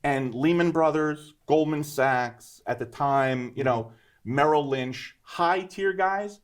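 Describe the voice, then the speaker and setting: A man in his fifties, a guest entrepreneur, telling his story in a casual, animated interview and often checking in with "right?". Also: on the high side, slow pace. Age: 50s. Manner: animated, emphatic, keeps adding "right?".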